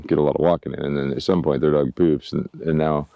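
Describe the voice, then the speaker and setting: A man's voice: very deep voice, fast, vocal fry, dry recording, dull audio. A man who trains dogs, talking casually to a handheld camera outdoors while he walks his dogs and coaxes them with pet names. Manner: relaxed, chatty, coaxing dogs with pet names. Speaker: dog trainer. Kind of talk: casual vlog narration while walking dogs. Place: outdoors in a yard by woods.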